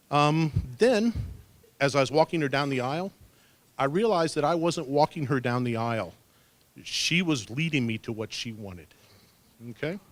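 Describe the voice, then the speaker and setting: A man in his fifties giving a wedding toast as father of the bride, folksy and peppering his lines with "okay?", speaking into a handheld mic at a reception. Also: medium pitch. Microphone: handheld microphone.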